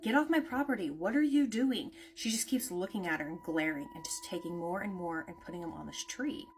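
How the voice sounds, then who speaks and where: A woman's voice: mid-range voice, fairly bright tone, slight background noise. A woman telling a spooky story in a casual, conversational way, with lots of "like" and "naturally".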